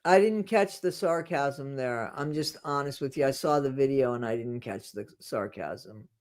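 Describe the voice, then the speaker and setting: Livestream host, casual chat, blunt, restarts, mumbling, loud ranting. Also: mid-range voice, moderate pace. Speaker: livestream host reading viewer comments.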